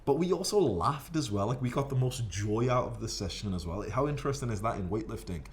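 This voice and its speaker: A man casually telling gym stories to camera in a profane, rambling, animated way. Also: mid-range voice, fast, slight background noise. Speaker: fitness vlogger.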